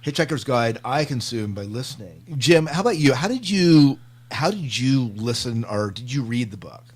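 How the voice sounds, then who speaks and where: A man's voice: medium pitch, animated, normal speed. A man hosting a casual book podcast, joking and steering the conversation. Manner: joking, leads the talk. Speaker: podcast host.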